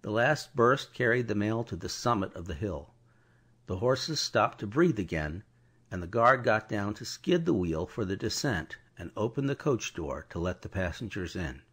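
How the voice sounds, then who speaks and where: A man giving a scripted, expressive audiobook narration. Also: fairly low pitch, normal speed, slightly rough. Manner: expressive storytelling.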